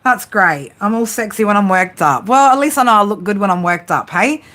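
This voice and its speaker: A woman's voice: mid-range voice, expressive, brisk, fairly bright tone. A woman, ranting bluntly and swearing heavily as a tarot livestream host. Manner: blunt, heavy swearing, heated and defiant. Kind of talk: live-stream rant to viewers.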